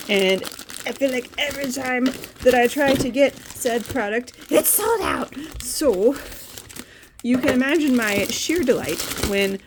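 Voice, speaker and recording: Woman, giddy unboxing chat, animated pitch, noisy crinkly recording. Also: creaky. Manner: giddy and excitable, bursts into laughs and squeals. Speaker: card artist unboxing purchases.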